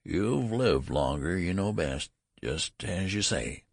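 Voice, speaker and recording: A man voicing an old man who is really a newborn son, childlike in a high, quavering voice. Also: lively intonation, slow, no echo, studio quality, full character voice. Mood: meek.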